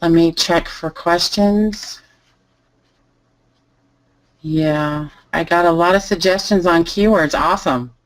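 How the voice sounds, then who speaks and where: A woman teaching a live online lesson, calmly thinking aloud as she types through each step. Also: fairly low pitch, slow, pauses often, poor audio. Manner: relaxed, thinking aloud while typing. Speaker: online selling instructor. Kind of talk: live screen-share tutorial.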